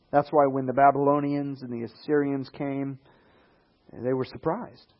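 A man preaching a sermon, animated, swinging into quoted voices and rising emphasis. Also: mid-range voice, normal speed, lo-fi sound.

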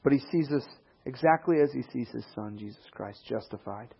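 A man preaching a sermon, animated, swinging into quoted voices and rising emphasis. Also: medium pitch, fairly quick, gravelly, husky, highs cut off.

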